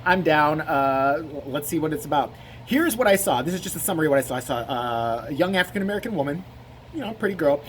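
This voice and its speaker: A man's voice: a little high, expressive, quick pace, fairly bright tone, a little hiss or hum. A man giving rambling, profane comic commentary on a video. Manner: rambling, profane, laughing asides.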